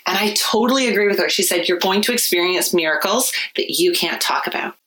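Animated woman telling stories on a podcast. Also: lowish voice, brisk, poor audio. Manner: animated storyteller, acts out quoted voices. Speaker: podcast guest, Reiki practitioner. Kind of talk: casual podcast conversation.

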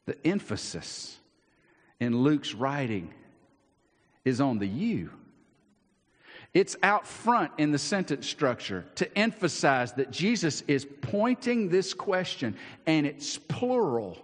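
A man with a Southern US accent preaching a sermon as pastor, folksy, repeating words and dropping into hushed asides. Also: fairly high pitch, very animated, takes it slowly, in a large hall.

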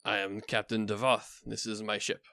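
A man's voice: on the low side, flat delivery, moderate pace, pushed and bright, smooth, no room sound, clean studio sound. A man playing a stiffly polite young captain. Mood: proud. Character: new male ship captain, holding back his temper.

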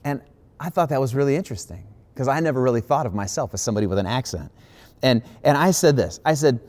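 A man's voice: mid-range voice, lively intonation, fast, darkish tone. A man from the Midwest preaching a sermon as a pastor, casual and emphatic, with many asides. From Midwestern United States.

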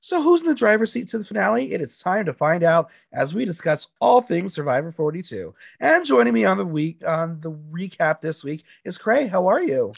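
Guy hosting a podcast, hoarse from allergies, gravelly voice, bouncy and lively, dry close sound. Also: high-pitched, normal speed, hardly any pauses, no echo. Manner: animated and chatty. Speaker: podcast host. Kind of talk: casual podcast chat.

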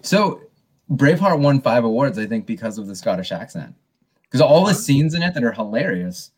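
A man's voice: mid-range voice, big pitch swings, normal speed, slightly rough. Guy rambling thru a movie chat, lots of you knows and restarts. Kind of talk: casual movie review chat.

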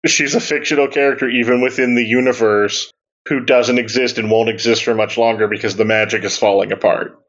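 A man's voice: mid-range voice, fairly even intonation, fairly quick, a bit bright. A man in a casual gaming podcast chat who answers with dry, defensive banter. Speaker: podcast co-host. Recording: dull lo-fi audio.

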